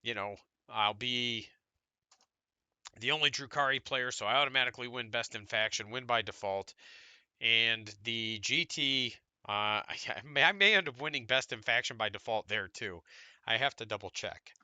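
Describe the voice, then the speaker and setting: A middle-aged man, congested from illness, giving a relaxed, rambling update to his gaming channel's viewers. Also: medium pitch, moderate pace, clear, resonant tone, dry recording. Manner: relaxed, rambling, self-deprecating.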